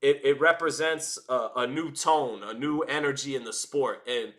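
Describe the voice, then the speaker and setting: A man hosting a live stream, giving casual, rambling commentary in an animated way, with frequent restarts and fillers. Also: mid-range voice, moderate pace. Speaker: boxing commentator and livestream host.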